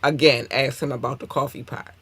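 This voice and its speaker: A woman hosting her own podcast, talking casually in an animated, blunt and profane way with plenty of fillers. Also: extremely low pitch, a little fast, slightly rough, no room sound. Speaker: podcast host. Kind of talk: casual solo podcast talk.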